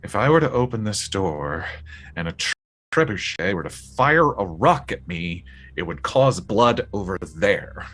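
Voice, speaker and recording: A man's voice: lowish voice, very animated, unhurried, a bit bright. A man chatting casually as a player in a tabletop game.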